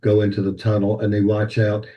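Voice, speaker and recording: An older man tells stories as a podcast guest, animated and anecdotal. His voice sits a little low. The recording sounds dull and lo-fi. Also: fairly quick. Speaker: band president, guest. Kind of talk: podcast interview, storytelling.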